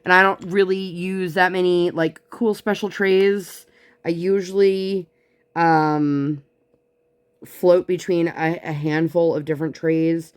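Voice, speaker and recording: A woman in her thirties chatting casually at her home craft desk, telling rambling, animated stories with frequent asides. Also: lowish voice, slow, clear, resonant tone. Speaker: craft vlogger. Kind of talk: casual chat while crafting.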